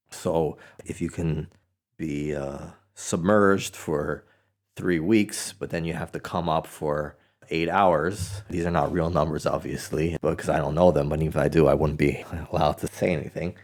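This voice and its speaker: A man's voice: extremely low pitch, steady tone, moderate pace, a little mellow. A man hosting a podcast, explaining at length in a blunt, wry way with sarcastic asides. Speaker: podcast host. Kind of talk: explanatory monologue.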